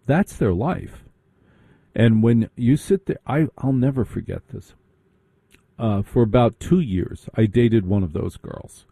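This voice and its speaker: Sarcastic man telling a dark-voiced story. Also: mid-range voice, unhurried, gravelly, husky, no echo, clean studio sound. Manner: sarcastic, animated, mocking. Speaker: comedic storyteller. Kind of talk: stand-up style storytelling.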